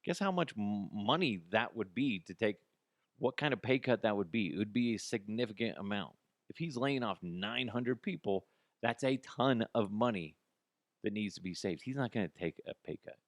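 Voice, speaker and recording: Blunt low-voiced man ranting. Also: lively intonation, moderate pace, no echo. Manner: blunt, mocking, restarts often. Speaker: podcast host. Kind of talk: casual solo podcast rant.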